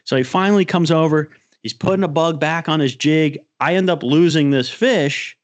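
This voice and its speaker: A man co-hosting a fishing podcast, telling a story in an excited, animated way during a casual chat. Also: on the high side, normal speed. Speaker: podcast co-host.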